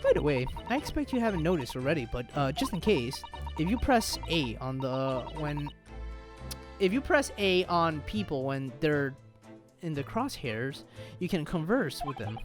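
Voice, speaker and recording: A woman's voice: low voice, big pitch swings, normal speed, music in the background. A woman reading a polite young lady assistant.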